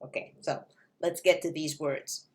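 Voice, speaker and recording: A woman leads a language lesson in a slightly low voice. She speaks slowly and deliberately. She models each word with care for learners to repeat. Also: steady tone. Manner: slow, careful modeling of pronunciation. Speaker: Spanish teacher.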